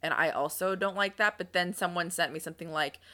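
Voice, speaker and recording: Young woman co-host, chatty storyteller, lowish and bright voice. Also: a little fast. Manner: storytelling with "like", laughing. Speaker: podcast co-host. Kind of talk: casual chat.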